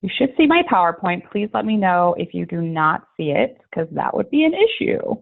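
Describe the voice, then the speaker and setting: Woman trainer, low voice, chatty with fillers, thin phone-like audio. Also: big pitch swings, moderate pace, vocal fry. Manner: friendly, chatty, with many fillers. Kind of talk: online training presentation. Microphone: video call. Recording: tinny phone-like call audio.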